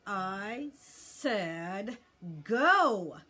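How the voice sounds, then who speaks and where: A woman's voice: medium pitch, sing-song, a little slow, slightly rough, heavily acted. Woman voicing a frustrated young boy hero. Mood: shouting. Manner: shouts commands, then pleads.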